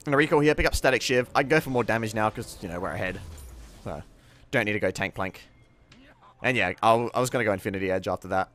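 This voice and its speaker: A young man with a fairly low pitch and a quick pace commentates casually over his own gameplay, laid-back and swearing freely, with sudden excited outbursts.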